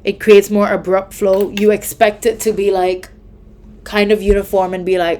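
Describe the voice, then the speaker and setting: A woman's voice: medium pitch, flat delivery, moderate pace, a little mellow, a little hiss or hum. A young woman giving casual exam tips, chatty and full of fillers, often correcting herself mid-sentence. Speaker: student tutor.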